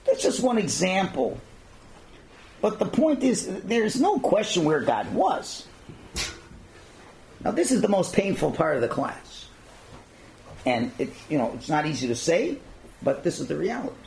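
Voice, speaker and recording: A man's voice: high voice, big pitch swings, measured pace, gravelly, long pauses, a little mellow, a little hiss or hum. A man teaching a religious class in the emphatic, preacher-like style of a rabbi, and using rhetorical questions. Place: synagogue hall. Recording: echoey hall recording.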